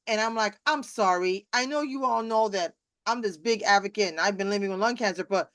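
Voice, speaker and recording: A middle-aged woman hosting a live video chat, rambling warmly with many restarts and acted-out quotes. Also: medium pitch, a little fast, no room sound. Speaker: host. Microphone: video call.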